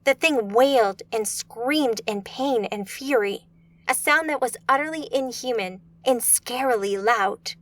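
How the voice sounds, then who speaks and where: An audiobook narrator reads scripted urban fantasy in a somewhat high female voice, pacing it steadily and deliberately. The recording is close and dry, with no room sound.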